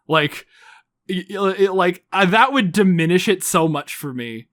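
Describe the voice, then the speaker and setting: Casual male co-host, high and lively, jokey, laughs a lot, dry close mic. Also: normal speed, no echo. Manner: animated, laughs often, jokey asides. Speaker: reaction show co-host. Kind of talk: casual group chat.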